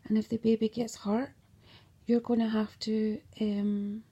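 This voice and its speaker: With a fairly high pitch and flat delivery, a woman speaks a little slowly, her voice carrying a breathy edge while the recording's highs are cut off. She meanders through her personal story with dark humour, frequent swearing, tag-on "right?"s and occasional laughter.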